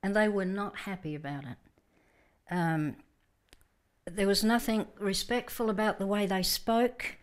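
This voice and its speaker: Woman preaching a lively sermon. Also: medium pitch, a little slow, pauses often. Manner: storytelling, vivid and animated, with restarts. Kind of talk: Sunday sermon.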